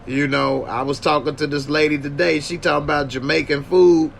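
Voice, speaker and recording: Male host, slightly high and gravelly, slangy and joking. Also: flat delivery, fairly quick, slight background noise. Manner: joking, slangy, thanks viewers. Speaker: podcast host. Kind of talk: casual livestream chat.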